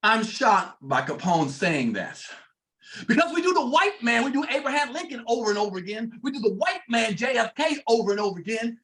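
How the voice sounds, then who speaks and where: A man's voice: extremely high pitch, very animated, a little fast, a bit bright, exaggerated voice. A man doing a riled-up comedian impression. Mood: indignant. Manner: preachy, repetitive, calling everyone brother. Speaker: co-host.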